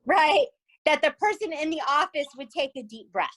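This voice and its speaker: A woman with a Southern US accent, co-hosting a podcast and recapping a TV series in animated, emphatic casual chat. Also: sits high, moderate pace, a loud crowd, rough recording. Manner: animated and emphatic, often asking "right?". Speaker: podcast co-host.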